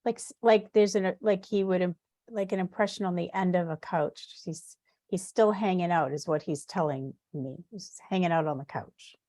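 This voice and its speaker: A woman's voice: fairly low pitch, normal speed, mellow, dry recording, clean studio sound. A woman giving an animal communication reading, rambling and hesitant with many restarts. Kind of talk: live online reading.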